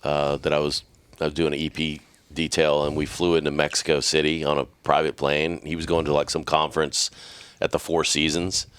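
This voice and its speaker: Deep-voiced man telling profane stories. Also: level tone, fairly quick, a bit bright, smooth, dry recording. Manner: profane, rambling anecdotes. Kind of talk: casual storytelling chat.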